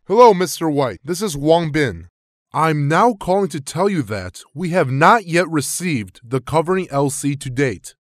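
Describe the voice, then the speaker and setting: Male dialogue reader, fairly high voice, animated lilt, dry booth sound. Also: unhurried, no echo. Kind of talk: scripted phone dialogue reading.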